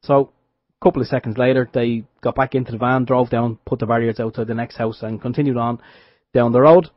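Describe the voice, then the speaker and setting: A man's voice: medium pitch, steady tone, a little fast, dry recording. Wry Irish man telling a story. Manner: wry, anecdotal, with frequent restarts. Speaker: radio show co-host. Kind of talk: casual storytelling chat. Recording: dull dry radio sound.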